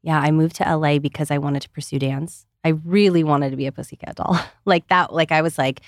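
Speaking briskly in a steady tone, this Ohio woman in her thirties has a voice that sits low. She's a podcast guest making bubbly casual conversation loaded with "like" fillers, captured in clean studio sound with no echo.

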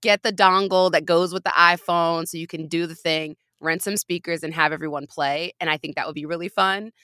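A woman's voice: lowish voice, fairly even intonation, brisk, bright, forceful tone, dry recording, clean studio sound. A woman hosting a podcast in casual chat, upbeat and encouraging with a playful manner. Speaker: podcast host.

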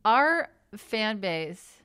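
A middle-aged woman talking very slowly in a dry, deadpan way. Her voice is smooth and clear. She co-hosts a casual podcast chat. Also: mid-range voice. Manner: slow, dry, deadpan delivery. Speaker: podcast co-host.

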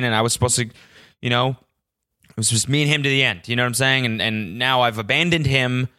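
A man talks alone into a close mic for his podcast, and the sound is dry and free of room echo. His voice sits at an ordinary middle pitch. He tells his story as an exasperated, swearing rant. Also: a little fast, bright, forceful tone, clear, resonant tone. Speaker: podcast host. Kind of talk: solo podcast monologue.

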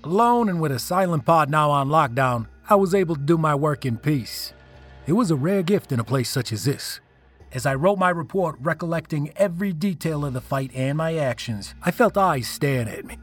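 Man narrating a horror tale, somewhat high voice. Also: expressive, moderate pace, faint music behind. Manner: dramatic storytelling, swelling on tense moments. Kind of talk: scripted first-person horror narration.

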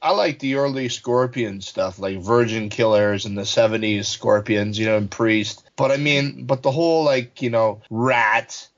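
A man's voice: mid-range voice, unhurried, few pauses. A man in his forties co-hosting a podcast in casual chat, telling rambling stories with lots of fillers. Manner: rambling storyteller, many fillers. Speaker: podcast co-host. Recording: slightly dull lo-fi audio.

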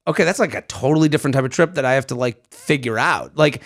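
A man in his thirties co-hosting a casual chat podcast, telling stories in an animated way, swearing freely and acting out what people said. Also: mid-range voice, fast. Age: 30s. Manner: animated storyteller, swears freely, acts out quoted dialogue. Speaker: podcast co-host.

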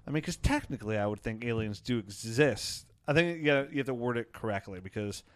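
A man's voice: medium pitch, animated, fast, dry recording, clean studio sound. A man hosting a casual sports podcast, joking around and slipping into silly voices now and then. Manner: jokey, puts on silly voices for players. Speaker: podcast host.

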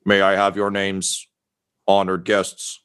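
A man voicing a cybernetically augmented male scribe with a voice box, who speaks slowly and formally. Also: sits low, monotone, fairly bright tone, smooth. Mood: stiffly polite.

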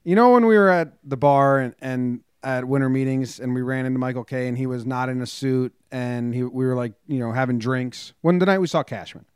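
A man co-hosting a relaxed sports podcast, ribbing his partner and hamming his way through the sponsor read. His voice sits at an ordinary pitch and sounds close and dry, with no room around it. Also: brisk, hardly any pauses, clean tone, no echo. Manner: joking, teasing, reads ad copy playfully. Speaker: podcast co-host. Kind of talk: casual sports chat.

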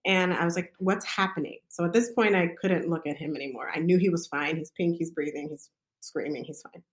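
A midwife shares a personal story from her own experience, chatting casually in a loose, conversational way full of fillers. Her voice is somewhat low and she talks fairly quickly.

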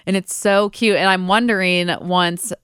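A young woman co-host chatting on a podcast, excitable and full of exclamations. Her voice is smooth and clear, recorded dry and close with no room sound. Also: medium pitch, dry recording. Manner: gushing, chatty, quick to exclaim. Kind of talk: casual chat.

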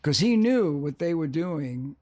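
Older man in casual interview, fairly high voice, halting with repeated words that speed into animated bursts. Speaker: music executive guest.

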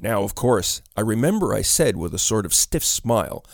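A man narrating a ghost story in a measured storytelling delivery. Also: lowish voice, big pitch swings, gravelly, no echo, clean studio sound.

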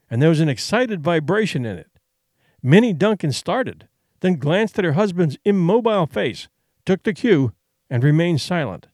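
This is a male narrator reading a sea story. His reading is measured yet expressive, with a lot of movement in his fairly high voice. The studio sound is dry and close. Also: no echo. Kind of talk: audiobook narration.

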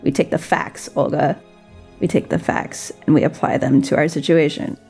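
A woman's voice: low voice, fairly even intonation, moderate pace, a little mellow, soft background music. A woman playing a practical female adventurer who speaks in a dry, matter-of-fact way.

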